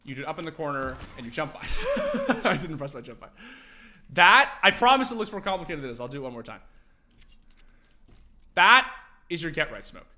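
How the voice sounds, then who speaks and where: Young man, streamer, fairly high voice, bright tone, lively and profane, desk mic. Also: brisk, pauses often. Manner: animated, profane, talks straight to chat. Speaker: streamer teaching game tactics. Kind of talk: casual livestream commentary.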